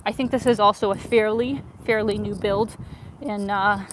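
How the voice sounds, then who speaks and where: The audio is poor on this outdoor phone stream, where a Ukrainian woman who vlogs travel strolls over a footbridge in a winter city. Upbeat, she reads out viewer messages in a medium-pitched voice with fairly even intonation and moderate pace, while street sounds, passers-by and an accordion player fill the background.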